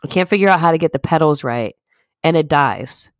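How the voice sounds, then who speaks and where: A woman co-hosting a casual podcast, telling stories in a lively way and acting out quoted people. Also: low-pitched, a little fast, no room sound. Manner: animated storyteller, acts out quotes in raised voices. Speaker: podcast co-host. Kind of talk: casual chat.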